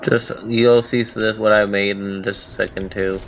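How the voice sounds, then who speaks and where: Dry-witted low-voiced man. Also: flat delivery, normal speed, faint music behind. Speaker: guest on a stream. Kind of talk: casual group chat.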